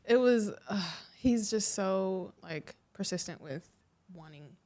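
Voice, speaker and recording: A woman co-hosting a podcast, chatting casually and telling a story with lively acted-out quotes. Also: medium pitch, slow pace. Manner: animated storytelling, acting out quoted voices. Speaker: podcast co-host. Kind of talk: casual chat.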